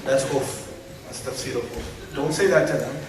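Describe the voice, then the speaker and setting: A man giving an Islamic lecture to a live audience in an animated, humorous way, full of rhetorical questions. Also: medium pitch, normal speed, over a noisy crowd, heavy background noise. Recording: echoey hall, distant mic.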